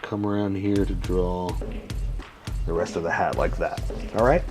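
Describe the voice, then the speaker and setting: A man's voice: low-pitched, a little slow, music in the background. Man talking through a drawing tutorial. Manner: rambling, narrates each stroke with many fillers. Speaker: drawing instructor. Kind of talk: casual step-by-step drawing tutorial.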